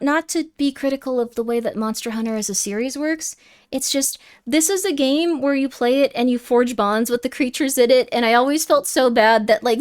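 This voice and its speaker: A woman streamer chatting casually during an unboxing, gushing with excitement and often slipping into a half-whisper. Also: high voice. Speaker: VTuber streamer.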